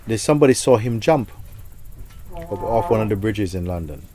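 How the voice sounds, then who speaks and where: A man, a spiritual teacher, telling a story to listeners in a reflective, soft-spoken way that often sinks almost to a whisper. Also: lowish voice, expressive, normal speed, crowd noise.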